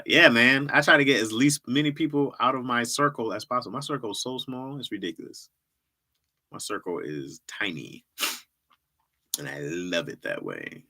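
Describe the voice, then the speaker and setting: A man's voice: lowish voice, bright, forceful tone. A middle-aged man hosting a livestream, chatting casually in a rambling, repetitive way and laughing often. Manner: rambling, repeats himself, laughs often, reacts to chat. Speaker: livestream host. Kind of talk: casual stand-up style chat.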